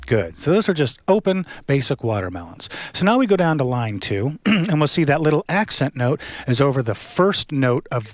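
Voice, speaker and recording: Relaxed man teaching hand drumming. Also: medium pitch, moderate pace, few pauses, over loud music. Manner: relaxed, filler-heavy, chants rhythm words while drumming. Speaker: drum circle facilitator and instructor. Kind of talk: casual instructional talk with chanted drum counts. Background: hand drum playing.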